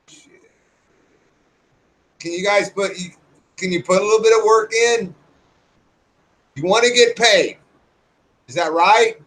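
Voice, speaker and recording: A man's voice: high voice, a bit bright, low-quality recording. A man talking casually to his viewers, rambling through a profane, loose rant and restarting his sentences often. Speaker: YouTuber.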